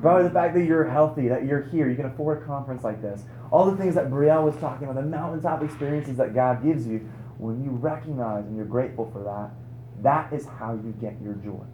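A man's voice: mid-range voice, a little fast, a little hiss or hum. Give me a young man preaching at a conference in a roomy hall. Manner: animated storytelling with rhetorical questions. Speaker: conference speaker. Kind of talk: sermon.

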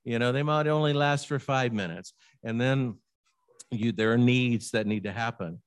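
An older man preaching a sermon in an unhurried, conversational way. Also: medium pitch, smooth. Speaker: pastor.

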